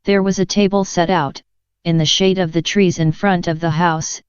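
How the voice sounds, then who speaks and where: A woman narrating a children's storybook in an even, measured reading, in a dull lo-fi recording. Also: on the low side, smooth, no room sound. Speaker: audiobook narrator. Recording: dry, dull lo-fi sound.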